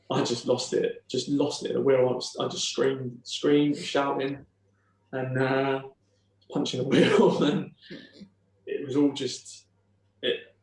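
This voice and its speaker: A young man tells a deeply personal story, his voice quiet and flat in tone. He stumbles and restarts often as he speaks. The room around him sounds noticeably echoey. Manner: halting, emotional retelling with many restarts. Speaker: podcast guest.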